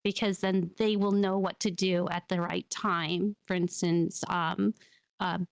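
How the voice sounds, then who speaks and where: A woman co-hosting a streamer podcast, giving earnest, measured advice in casual chat. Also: fairly low pitch, level tone, gravelly, clear, resonant tone, no echo. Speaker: VTuber podcast host.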